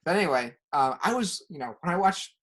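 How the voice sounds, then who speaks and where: A man's voice: fairly high pitch, animated, a little fast, fairly bright tone, slight background noise. A man co-hosting a casual film podcast, hesitant and self-conscious, with many ums. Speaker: podcast co-host.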